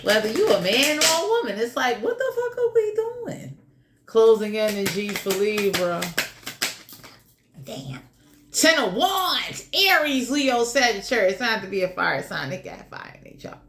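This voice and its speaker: A woman's voice: on the high side, sing-song, moderate pace, roomy sound, noisy background. Blunt, crude-talking tarot reader woman. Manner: blunt, crude and joking, heavy swearing. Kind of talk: casual general tarot reading.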